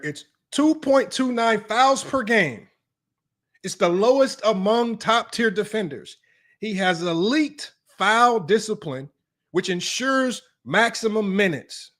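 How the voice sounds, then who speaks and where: A man with a high voice reads basketball numbers off the screen and keeps breaking off to mock his doubters. His delivery is combative and sarcastic, swinging between plain reading and needling taunts aimed at viewers. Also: a bit bright. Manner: combative, mocking, reads data aloud then taunts critics. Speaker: sports debate host. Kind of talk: reading stats and ranting to viewers.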